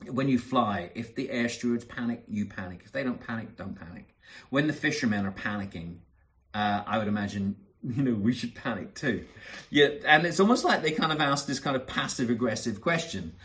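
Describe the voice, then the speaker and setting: A man preaching a sermon, earnest and emphatic, repeating key phrases and dropping into soft asides. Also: mid-range voice, lively intonation, fairly quick.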